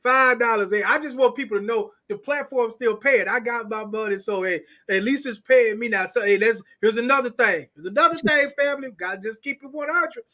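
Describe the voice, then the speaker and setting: Male interview guest: high, bright, slangy, animated storyteller. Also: fairly quick, few pauses. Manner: animated, slangy, acts out quoted voices. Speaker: crypto strategist guest. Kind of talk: casual interview chat.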